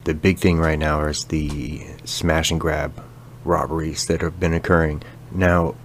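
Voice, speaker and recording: A comedy podcast host with an exceptionally deep, low voice, swearing and ranting sarcastically. He delivers his jokes with blunt crudeness, and faint background noise sits under his voice.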